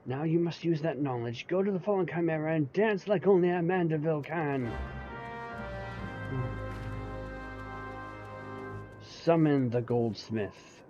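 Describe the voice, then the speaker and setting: A man voicing a pompous, bumbling gentleman inspector with grandiose, old-fashioned speech, reading game dialogue aloud. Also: on the high side, expressive, normal speed, highs cut off, music in the background, lightly acted. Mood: grand.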